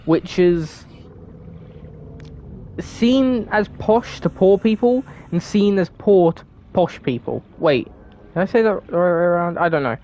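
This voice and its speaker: A woman's voice: lowish voice, animated, measured pace, mellow. A woman with a southern English accent, from England, chatting casually while streaming a game, sweary, giggly and rambling.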